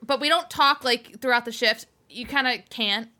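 Young woman co-host, bright tense voice, a touch high, candid and quick. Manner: fast, candid, laughs often. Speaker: podcast co-host. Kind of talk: casual chat. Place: home.

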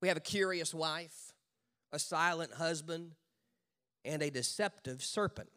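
In his sermon, the pastor moves from calling out loudly to the congregation to slowing down and lowering his voice for emphasis, while tossing in humorous, conversational remarks.

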